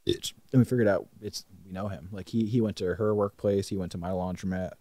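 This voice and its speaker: A young man co-hosting a podcast, telling a story in a casual, animated way and swearing freely. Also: low voice, a little fast, no room sound. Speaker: podcast co-host. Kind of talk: casual chat.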